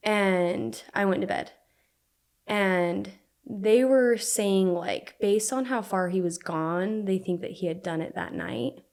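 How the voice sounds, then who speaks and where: A young woman from Utah, a podcast guest telling a personal story in a halting way full of "like" fillers. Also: mid-range voice, lively intonation, a little mellow. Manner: halting, filler-heavy speech with frequent "like".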